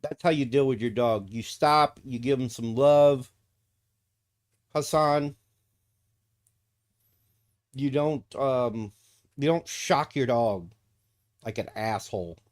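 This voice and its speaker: A man's voice: medium pitch, takes it slowly, pauses often. A man streaming casually, cooing to his dog in baby talk and swearing freely when he rants. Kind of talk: casual live-stream chat.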